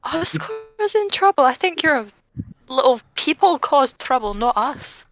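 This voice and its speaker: High-voiced woman on a dull mic. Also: very animated, unhurried, no room sound. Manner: indignant, protesting. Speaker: player. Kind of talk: casual tabletop play, partly in character.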